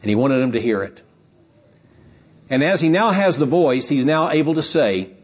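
A man delivers a sermon in a husky voice that sits somewhat high. He explains earnestly, repeating words as he builds toward emphatic points. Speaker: preacher.

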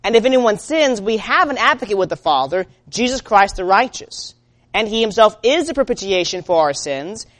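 A woman preaching a sermon in an earnest way. She moves between loud urging and quiet, low-spoken lines.

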